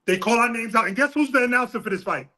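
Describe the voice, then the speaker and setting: A man's voice: extremely high pitch, quick pace, rough recording. A middle-aged man from New City, a boxing coach telling a story with laughs and swearing in a casual interview. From New York City. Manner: animated, laughing, profane storyteller.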